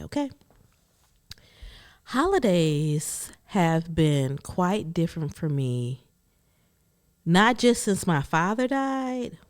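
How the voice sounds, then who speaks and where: A woman hosting a podcast, telling family stories in a chatty, animated way and acting out quotes from her relatives. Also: sits low. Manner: animated, laughing storyteller who acts out family quotes. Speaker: podcast host. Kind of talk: personal storytelling monologue.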